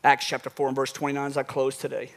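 A man's voice: medium pitch, completely flat delivery, fast talker. A man preaching a sermon, building his point with repeated phrases and acting out little phone calls. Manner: dramatic, acts out phone calls, repeats for emphasis. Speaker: pastor.

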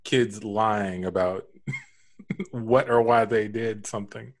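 A man's voice: lowish voice, steady tone, slow pace. A man hosting a casual podcast chat, asking laid-back questions with a laugh.

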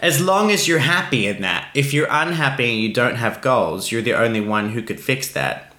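A man's voice: mid-range voice, expressive, normal speed, bright, forceful tone. An Australian man co-hosts a casual podcast, talking in an easy, playful way and laughing often. His voice sits in a middle register. The room has a noticeable echo. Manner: chatty, laughs easily, playful. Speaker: podcast co-host. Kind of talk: casual chat. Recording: roomy echo.

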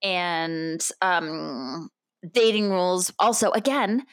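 A woman's voice: fairly low pitch, slow, smooth. A woman with an American accent, chatting as an interview guest and often breaking off to restart her sentences. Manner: chatty, many restarts and laughs. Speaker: actress guest. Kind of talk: casual interview chat.

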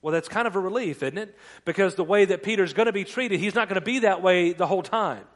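Preaching in a chatty style, this pastor keeps restarting his sentences and throws questions at the congregation. His voice is high and he talks fast.

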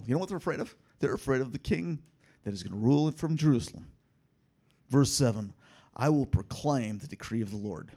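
A man preaching a sermon, swinging between loud emphatic lines and hushed asides. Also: mid-range voice, lively intonation, fairly quick, slightly rough. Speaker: pastor.

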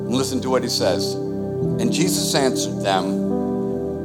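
A man's voice: mid-range voice, expressive, slow, long pauses. A man, preaching a conversational sermon with sudden swings in volume. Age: 60s. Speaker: pastor. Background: new-age music.

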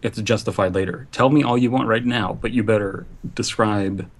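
A man co-hosting a podcast, making measured, analytical points in casual chat. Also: on the low side, steady tone. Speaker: podcast co-host.

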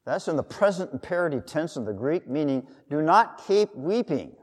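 A man delivers a sermon in a fairly high voice at a normal pace, his pitch rising and falling with lively inflection. His manner is loose and conversational, full of acted-out quotes and asides. The sound lingers in a large hall with a long reverb tail.

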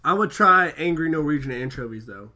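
A man's voice: fairly high pitch, expressive, a little fast, sharp tone. A man chatting casually and enthusiastically, rambling with lots of filler words as he recaps a cartoon episode. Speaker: podcast co-host.

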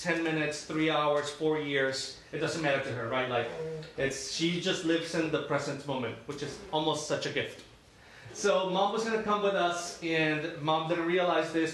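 A man preaching a sermon as a pastor, telling a story in a relaxed, conversational way. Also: fairly high pitch, a little hiss or hum. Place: church sanctuary. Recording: very echoey room from a distance.

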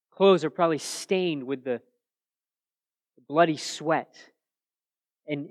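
A man with a fairly high voice preaches a sermon in a relaxed, conversational way. He often restarts his phrases and drives his points home with emphatic rhetorical questions. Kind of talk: expository sermon.

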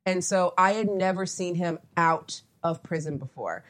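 Young woman rambling casually in an interview, kinda low voice. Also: moderate pace, fairly bright tone. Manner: chatty and meandering, full of asides. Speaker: guest photographer.

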